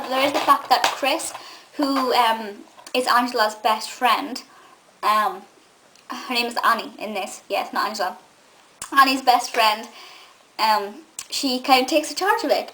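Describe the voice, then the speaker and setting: A woman's voice: high voice, bright, forceful tone, poor audio. A young Scottish woman giving a gushing, chatty film review full of fillers and restarts. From Scotland. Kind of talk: casual film review monologue.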